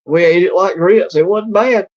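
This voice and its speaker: A middle-aged Southern man from Louisiana with a notably high voice rambles through a casual livestream chat, drawling and leaning on fillers. The audio is dull and lo-fi. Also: moderate pace. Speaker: livestream co-host.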